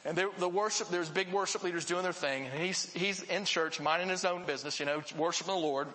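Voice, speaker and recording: A male pastor preaches with a high, bright voice that rings out in a church hall with a long reverb. He tells his stories with earnest, animated energy. It is a live sermon to his congregation. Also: fairly quick.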